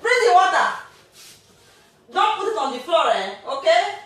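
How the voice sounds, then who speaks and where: A woman's voice: extremely high pitch, sing-song, moderate pace, a bit bright, slight background noise. A Nigerian woman speaking Pidgin, taunting someone in a rant to camera, with cackling laughter and sing-song jeers. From Edo State, Nigeria. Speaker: social media vlogger.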